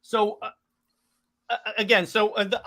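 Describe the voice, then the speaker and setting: A man's voice: sits high, level tone, unhurried, sharp tone. A young man co-hosting a casual movie review podcast, talking with enthusiasm and often restarting his sentences. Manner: enthusiastic, rambling with many restarts. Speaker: podcast co-host.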